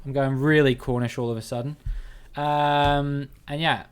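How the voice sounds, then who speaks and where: A man's voice: mid-range voice, little pitch movement, normal speed, smooth. A male streamer runs a live geography guessing game for his viewers. He thinks aloud in a chatty, easygoing way and greets people in the chat by name as he goes.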